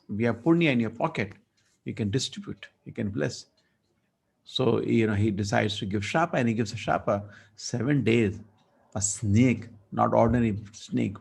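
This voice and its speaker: A man teaching a scripture class, telling the story lively and acting out the dialogue. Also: fairly low pitch, gravelly, slightly rough. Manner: storytelling, acts out dialogue, asides. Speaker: spiritual teacher.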